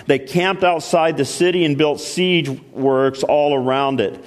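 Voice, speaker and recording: A man preaches a sermon in a fairly high voice, pressing each point with repeated starts. He sinks low and slow when he wants weight. The sanctuary gives his voice a long, ringing reverb. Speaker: pastor. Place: church sanctuary. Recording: long reverb of a large hall.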